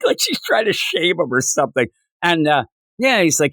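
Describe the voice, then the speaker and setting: A man's voice: a little high, very animated, sharp tone, no echo. Rambling man retelling a comic. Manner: rambling, retells scenes with quick paraphrased quotes. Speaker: podcast co-host reviewing comics. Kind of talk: casual chat.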